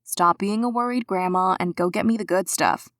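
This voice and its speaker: A woman reading an audiobook, voicing a sick, tired young woman who teases her friend in a slow, weary way. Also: mid-range voice, fairly bright tone, no echo, studio quality, natural voice.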